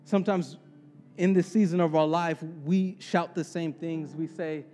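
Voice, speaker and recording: A man preaching with a notably high voice, earnest and repeating words as he begins each thought. His sermon rings out with a long hall reverb. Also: fairly even intonation, a little slow, dark tone, faint music behind. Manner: earnest, repeats words when starting sentences. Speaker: pastor.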